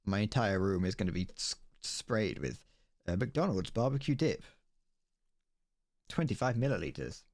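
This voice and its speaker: A British man in his twenties chats and jokes his way through a live gaming stream from a room at home, rambling playfully. His voice is fairly low and a little mellow, very animated, at a normal speed with frequent pauses.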